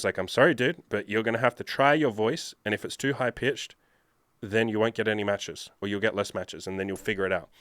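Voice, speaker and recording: A man's voice: lowish voice, fairly bright tone, dry recording, clean studio sound. A man working as a dating coach, answering viewer questions in a blunt, profane, lecturing monologue.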